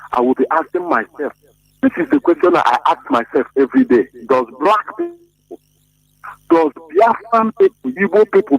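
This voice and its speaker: A man's voice: mid-range voice, poor audio. A man calling a radio show, preachy and fervent, with emphatic peaks. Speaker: radio call-in caller. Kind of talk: impassioned call-in comment.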